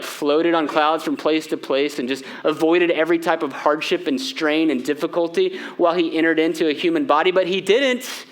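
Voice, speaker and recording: A man pastor, preaching a sermon in a church, moving between lively, raised passages and hushed, quiet ones. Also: high voice. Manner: animated, shifting from loud to hushed. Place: church sanctuary.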